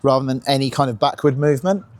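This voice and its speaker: A man's voice: mid-range voice, fast talker. A man coaching dog owners on a walk outdoors, instructive and encouraging. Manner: encouraging, instructive, lively sing-song praise. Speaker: dog trainer. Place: outdoors on a path.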